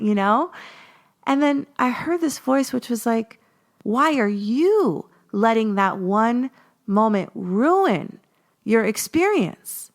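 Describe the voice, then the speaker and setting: With a fairly high, expressive voice and an unhurried pace, a forties-aged LA podcast host animatedly shares a personal anecdote, voicing what she said back then in a relaxed, chatty manner.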